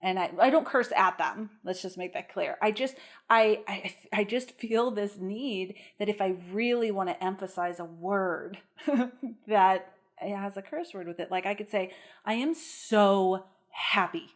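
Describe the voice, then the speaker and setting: A woman's voice: medium pitch, unhurried. Chatty woman podcast co-host, laughing often. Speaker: mother. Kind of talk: casual chat.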